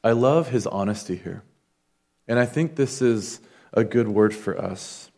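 A man's voice: on the low side, unhurried, gravelly, darkish tone. A man preaching a sermon in an earnest, conversational way, acting out quoted lines as he goes. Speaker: pastor.

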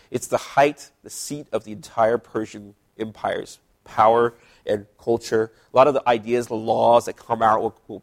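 A man who is a pastor, leading a casual Bible study in a relaxed, chatty way with lots of asides. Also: medium pitch, gravelly.

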